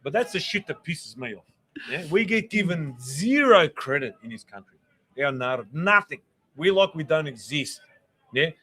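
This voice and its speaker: A man's voice: on the high side, sing-song, moderate pace, bright, forceful tone, husky. A man hosting a casual chat on camera, blunt, swearing freely and getting worked up. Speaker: podcast host.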